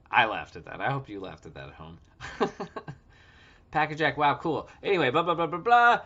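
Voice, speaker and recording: A man's voice: mid-range voice, sing-song, normal speed, vocal fry, pushed and bright. A man in his thirties hosting a casual livestream from home, loose, joking and profane. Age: 30s. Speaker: livestream host. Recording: dull lo-fi stream audio.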